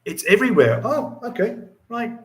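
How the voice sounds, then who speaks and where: A man's voice: high-pitched, sing-song, moderate pace. A man with an English accent hosting a casual livestream from home, rambling, chatting and reading out viewer comments. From England. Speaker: livestream host. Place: home in the Philippines. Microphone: phone or camera mic.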